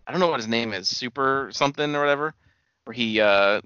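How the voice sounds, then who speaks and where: A man's voice: medium pitch, fairly quick, bright, forceful tone, smooth, no echo, lo-fi sound. A man co-hosting a casual wrestling podcast, laid-back and agreeable. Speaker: podcast co-host. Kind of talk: casual wrestling recap chat.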